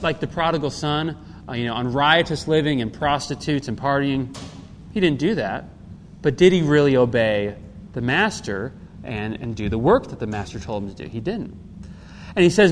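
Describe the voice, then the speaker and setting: A man's voice: fairly high pitch, big pitch swings, normal speed. A man preaching in a conversational way and asking his listeners rhetorical questions as he explains a Bible passage. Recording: long hall reverb with faint background noise.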